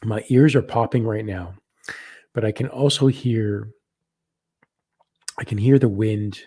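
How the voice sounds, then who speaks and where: A man with a low, husky voice guides a live spiritual practice. He talks slowly and softly, pausing as he reads viewer comments and describes what he senses. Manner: slow, soft-spoken, reads viewer comments aloud. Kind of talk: live guided meditation session.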